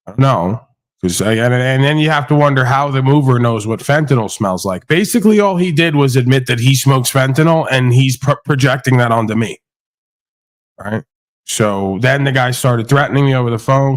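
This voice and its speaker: A man's voice: mid-range voice, brisk. Male panel host, casual rambling talker, online call. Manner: rambling, repeats "right?" often. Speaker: podcast host. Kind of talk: casual rant to panel guests. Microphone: video call.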